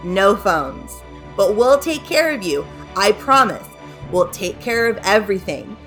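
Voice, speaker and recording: A woman voicing a green horned monster working as a theme-park ticket taker, smooth and overly reassuring. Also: medium pitch, very animated, unhurried, a bit bright, soft background music. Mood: falsely soothing.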